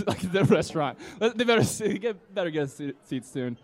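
A man's voice: high voice, sing-song, moderate pace. Man in his twenties telling a rowdy story. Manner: rambling, acts out voices of friends. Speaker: storyteller at a live comedy podcast. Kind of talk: live comedic storytelling. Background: live audience laughter.

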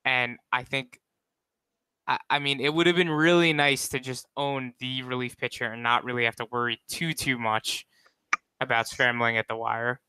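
A man co-hosting a casual podcast chat, talking in a hesitant way with many pauses and restarts. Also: mid-range voice, level tone, pushed and bright, clear, resonant tone, no room sound. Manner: hesitant, full of ums and restarts. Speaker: podcast co-host.

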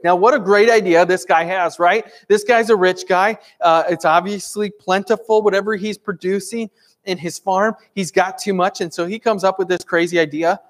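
A man in his thirties, a pastor, delivers a conversational sermon with prayer in a church. His voice sits high with a steady tone at normal speed, and he sounds earnest, filling his talk with rhetorical questions.

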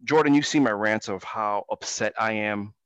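A man's voice: fairly low pitch, normal speed, a bit bright, clear, resonant tone, no echo, muffled recording. A man hosting a sports talk radio show, talking emphatically and ranting about basketball.

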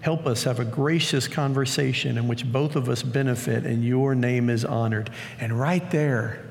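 A male pastor preaching a sermon in a lively, story-acting way, recorded in a church. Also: medium pitch, normal speed, creaky. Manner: animated, acts out scripture stories. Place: church auditorium. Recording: long church hall reverb.

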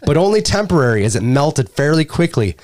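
A man hosting a casual chat, reading reviews aloud with a lively, swooping voice. He keeps cracking himself up as he goes, and the humor is crude and playful. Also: fairly high pitch, moderate pace, slight background noise. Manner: laughs often while reading, crude humor. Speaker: podcast host.

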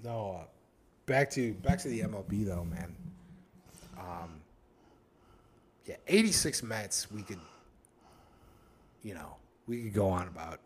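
A man's voice: lowish voice, expressive, unhurried, long pauses, slight background noise. A young man co-hosting a casual podcast chat, swearing a lot, rambling and laughing as he acts out other people's lines. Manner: profane, rambling, laughs often, acts out quotes. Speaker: podcast co-host.

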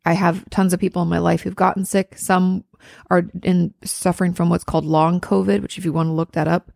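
A woman in her thirties talks a listener through coping advice, earnest and reassuring, with casual swearing. Her voice sits low and has a gravelly fry. The sound is dry and close, with no room around it. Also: little pitch movement, fairly quick, darkish tone, no room sound. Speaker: therapist answering a listener. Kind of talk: advice podcast.

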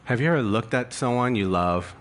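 A man's voice: mid-range voice, animated, brisk, a bit bright. A male pastor preaching a sermon in an earnest, confessional way, building emphasis through rhetorical questions.

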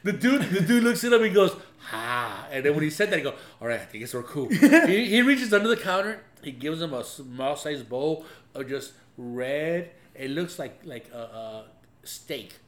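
A man's voice: on the high side, sing-song, normal speed, a bit bright. Profane storytelling SoCal man, echoey room. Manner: profane storytelling, laughs often. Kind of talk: casual chat. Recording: echoey room with faint hum.

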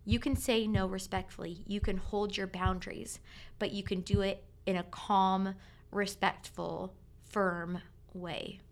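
A woman's voice: mid-range voice, level tone, measured pace. A woman in her thirties hosting a solo podcast, talking in a casual, conversational way with many filler words. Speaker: podcast host.

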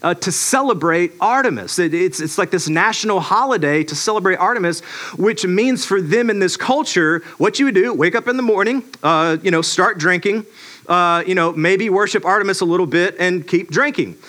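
Bright, high-voiced man teaching scripture. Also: moderate pace. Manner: animated, acts out characters in playful voices; conversational, many restarts and fillers. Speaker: Bible teacher. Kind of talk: casual Bible teaching.

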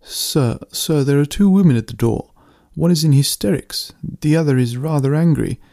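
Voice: mid-range voice, normal speed, vocal fry, warm tone, no echo, studio quality, voice pushed up, natural voice. A man reading a storybook, voicing a formal servant announcing visitors urgently.

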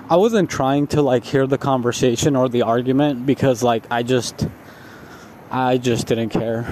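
A young man, high as he talks, tells a long, rambling story full of "like" and swearing. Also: a little mellow, slight background noise. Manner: repetitive, profane, full of "like" fillers. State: stoned.

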